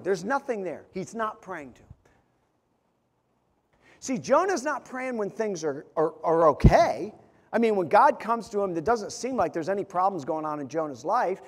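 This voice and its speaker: A pastor preaching a sermon, telling stories and acting out quotes, building to loud emphatic peaks. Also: male voice, sits high. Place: church sanctuary. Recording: long hall reverb.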